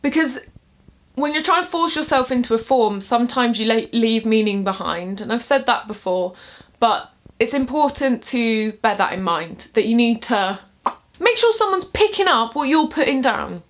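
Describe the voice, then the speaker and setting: Speaking a little high and with animation, a young poetry vlogger walks through her sonnet-writing process in a casual instructional talk. She keeps a moderate pace, stays cheerful and chatty, and laughs between points.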